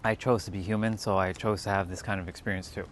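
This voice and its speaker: A man's voice: low voice, flat delivery, fast, a little hiss or hum. Man chatting between workout sets. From California. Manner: chatty, counting reps between breaths. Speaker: livestream host. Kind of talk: casual livestream chat while exercising. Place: outdoors in hot weather.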